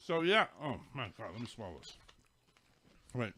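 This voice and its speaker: Animated man hosting a casual podcast. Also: medium pitch, slow, slight background noise. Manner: animated, swearing, laughs often. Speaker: podcast host. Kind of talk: casual chat.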